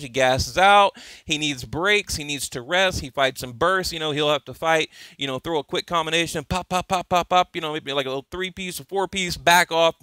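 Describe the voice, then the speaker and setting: A man talking casually to his YouTube viewers about boxing, excitable and rambling, full of fillers and restarts. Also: a little high, no echo. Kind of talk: casual fan commentary to camera.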